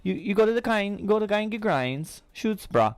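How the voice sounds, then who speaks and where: A man's voice: high voice, lively intonation, normal speed, clean tone, dry recording, pitched above the performer's own voice. A man voicing a laid-back, slangy local guy with a Hawaiian Pidgin accent.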